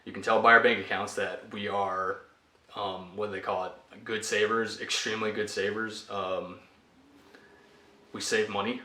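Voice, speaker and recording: Young man venting in a personal vlog, bright and fed up, roomy sound. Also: lowish voice, little pitch movement, moderate pace. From United States. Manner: exasperated, ranting. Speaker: vlogger. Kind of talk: frustrated personal rant. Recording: echoey room.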